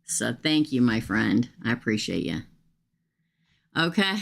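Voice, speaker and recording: A woman's voice: a bass voice, very animated, measured pace, creaky. A woman reads tarot cards live for her viewers. She talks in a loose, chatty way, muttering to herself as she pulls cards and calling out names in the queue. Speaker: tarot reader. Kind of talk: live-stream tarot reading.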